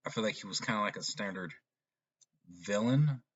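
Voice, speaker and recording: Deep husky man reviewing a movie. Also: moderate pace. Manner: rambling, with frequent restarts and fillers. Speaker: film reviewer. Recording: dull lo-fi recording.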